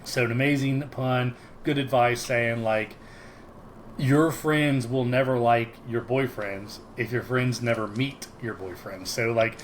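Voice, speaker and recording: A man's voice: mid-range voice, steady tone, measured pace, slight background noise, poor audio. A man co-hosting a podcast, casually recapping a sitcom episode, rambling with many ums and frequent laughs. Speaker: podcast co-host.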